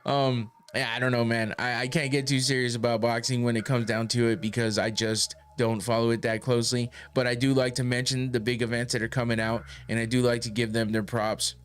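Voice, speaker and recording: A man's voice: medium pitch, flat delivery, fairly quick, few pauses, clear, resonant tone. A man hosting a podcast, chatting casually to a live chat, swearing freely, rambling and laughing often. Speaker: podcast host.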